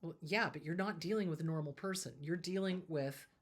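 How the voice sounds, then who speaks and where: A woman's voice: deep voice, a little fast. A woman therapist talks to her audience in a casual advice style. She repeats her points for emphasis and drives each one home. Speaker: therapist and show host.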